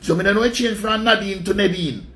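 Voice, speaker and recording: A Jamaican man giving a mocking countdown commentary, rambling and calling out each entry in loud, drawn-out announcements. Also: high-pitched.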